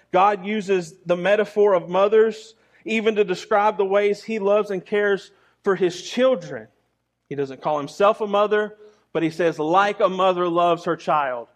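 A young adult male pastor preaching a sermon earnestly, often repeating words and asking the congregation rhetorical questions. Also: high voice.

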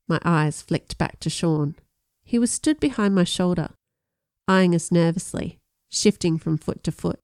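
A woman narrating a first-person audiobook in a measured storytelling way, with lively voiced dialogue. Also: fairly low pitch, no echo, clean studio sound.

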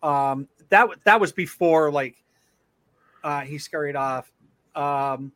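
Young man, podcast host, high voice, bright tone, casual profane storytelling. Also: slow, pauses often. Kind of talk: casual chat.

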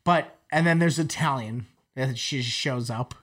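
A man co-hosts a podcast and talks at a middle pitch. He rambles through restarts and fillers, swearing freely. His delivery is loose and conversational. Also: unhurried, a bit bright. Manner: rambling, profane, lots of fillers. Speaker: podcast co-host. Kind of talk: casual chat.

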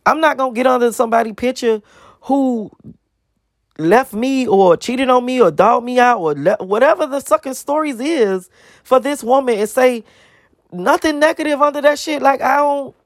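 A woman's voice: high voice, normal speed, no room sound, studio quality. A woman vlogger ranting to her viewers, emphatic and profane, firing off one rhetorical question after another. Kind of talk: ranting monologue to camera.

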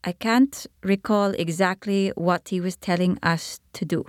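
Hesitant low-voiced young woman testifying. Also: no echo, clean studio sound. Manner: halting, hesitant answers. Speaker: trial witness. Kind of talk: courtroom testimony.

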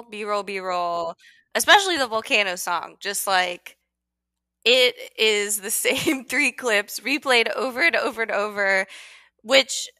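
Bright, wry woman chatting on a podcast. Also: a little high, dry recording. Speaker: podcast co-host. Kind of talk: casual chat.

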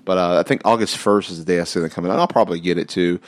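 A man co-hosting a casual wrestling podcast, his voice sitting a little low. He rambles as he talks, backing up and restarting his sentences. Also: very fast. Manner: rambling, lots of restarts and fillers. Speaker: podcast co-host.

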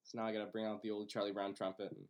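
A young man with a Buffalo, New York accent, hosting a podcast in casual chat with quick jokes. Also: on the low side, little pitch movement, a little mellow, highs cut off. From Buffalo, New York area. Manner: quick, joking. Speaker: podcast host.

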